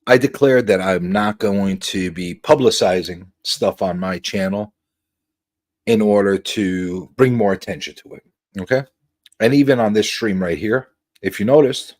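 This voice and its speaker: A man hosting a casual livestream talk show, joking with his panel, swearing freely and drawing out his points with emphatic asides. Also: lowish voice.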